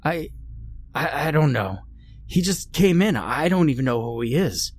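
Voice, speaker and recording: A man's voice: on the high side, big pitch swings, measured pace, pitched above the performer's own voice. A man voicing a frightened young boy who stammers his answers.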